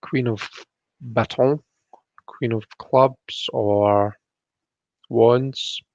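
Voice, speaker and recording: A man hosts a casual live stream at home, talking through tarot cards and greeting his chat. His voice is gravelly and level, and his words run together quickly. The sound is dry and dull, like a basic computer mic. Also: medium pitch, steady tone, darkish tone, dry recording. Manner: talks fast and mumbles when absorbed.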